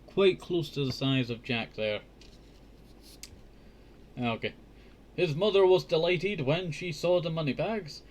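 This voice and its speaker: A man reads a children's storybook aloud in a relaxed, unhurried way, his voice sitting a little high. He keeps stopping for chatty, joking asides. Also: a little hiss or hum. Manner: chatty, joking asides, says "I tell you" often. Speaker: host reading a children's book. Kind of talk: casual storybook reading with commentary.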